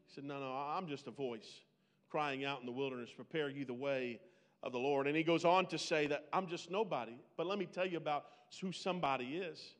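A man preaching a sermon, swinging between loud, pleading bursts and hushed, slow lines. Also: on the high side, big-room sound. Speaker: pastor.

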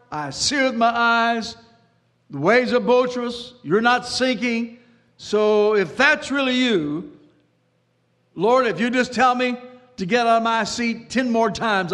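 A man's voice: very high-pitched, a bit bright, long reverb tail. A man preaching a sermon, dramatic, with repeated words and sudden bursts of speed. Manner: dramatic preaching with repetitions and sudden pace changes. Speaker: pastor.

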